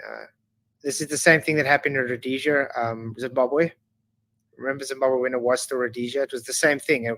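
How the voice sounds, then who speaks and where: A South African man, Afrikaans by first language, answers in a casual interview. He talks in a halting way, restarting his sentences often, at a middling pitch. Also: a bit bright. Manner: halting, with frequent restarts and fillers. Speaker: interview guest.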